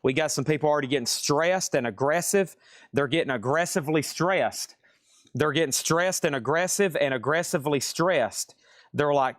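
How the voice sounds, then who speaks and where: A man hosting a live vinyl record sale stream from a record shop, calling prices in joking, rapid-fire patter and repeating his lines. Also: on the high side, no room sound, clean studio sound.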